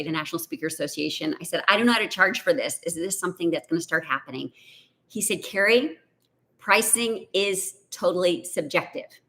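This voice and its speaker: A middle-aged woman, a business coach telling a chatty, animated story to a live online audience. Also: lowish voice. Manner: chatty, animated, says "y'all" and "like".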